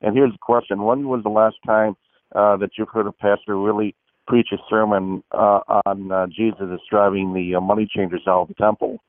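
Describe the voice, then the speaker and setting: A man calling in to a radio show, speaking haltingly with many fillers. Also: lowish voice, little pitch movement, no echo. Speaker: caller. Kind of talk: call-in radio talk. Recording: tinny dry phone line.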